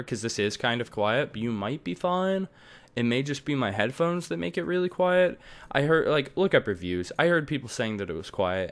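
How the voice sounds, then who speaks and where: A man's voice: medium pitch, a bit bright, clear, resonant tone. A young man giving a casual, rambling tutorial on recording setups, full of fillers and offhand asides, recorded on a desktop microphone at home. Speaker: tech tutorial maker. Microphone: desktop USB microphone.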